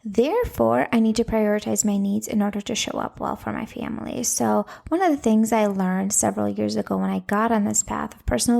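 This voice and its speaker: A woman in her thirties talks earnestly and directly to the viewer, sharing parenting advice in a relaxed, conversational monologue. Her voice is heavily gravelly with lots of vocal fry, and its tone is warm and dark. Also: medium pitch. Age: 30s. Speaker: parenting coach. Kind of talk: casual advice monologue to camera.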